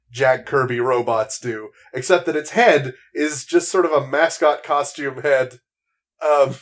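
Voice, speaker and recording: A man co-hosting a casual podcast chat, describing pictures with playful comparisons. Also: a little high. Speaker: podcast co-host.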